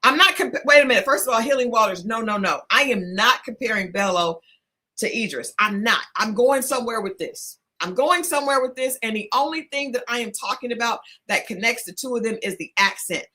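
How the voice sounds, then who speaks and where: A woman co-hosting a talk show, telling a story in a casual, animated way, laughing often and restarting her sentences. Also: on the high side, a little fast. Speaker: podcast co-host.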